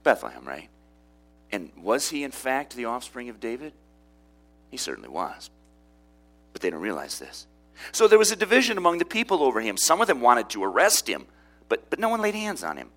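Lively conversational male preacher. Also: mid-range voice, fairly quick, pauses often. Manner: conversational preaching with rhetorical questions. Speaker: pastor. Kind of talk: sermon.

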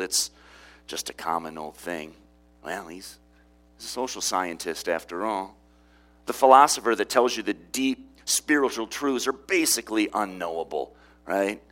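A man's voice: fairly low pitch, fairly bright tone. A man preaching a sermon in a conversational way, often asking rhetorical questions of his listeners. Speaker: pastor.

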